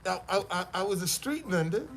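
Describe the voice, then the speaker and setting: A man's voice: high-pitched, animated, brisk, vocal fry, a bit bright. A man giving a personal testimony to an audience, with casual slangy speech and stammering restarts as he tells his story. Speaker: motivational speaker.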